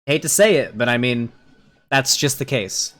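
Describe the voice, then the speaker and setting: A man's voice: medium pitch, animated, normal speed, a bit bright. A man casually reacting to a video clip, mocking it and swearing freely. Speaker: political commentary youtuber.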